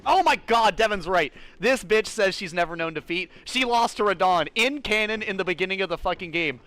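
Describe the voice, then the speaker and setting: A man's voice: high-pitched, expressive, brisk, sharp tone. A young man streaming a game, ranting with exasperated, profane commentary.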